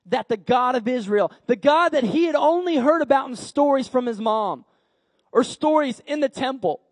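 A male preacher with a high voice delivers an animated storytelling sermon, repeating phrases and pausing for effect. The recording is dry and close, with no room sound. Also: no room sound. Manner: animated, repetitive, dramatic pauses.

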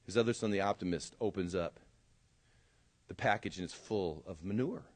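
A man preaching a sermon as pastor and telling a story, swinging from loud emphasis to quiet asides. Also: sits low, normal speed.

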